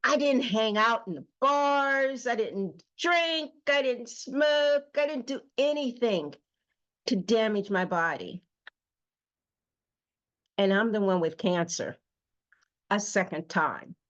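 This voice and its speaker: A woman hosting her own show, telling a personal story slowly and emotionally with emphatic repetition. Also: a little high, lively intonation, a bit bright, muffled recording. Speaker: host. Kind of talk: personal testimony monologue.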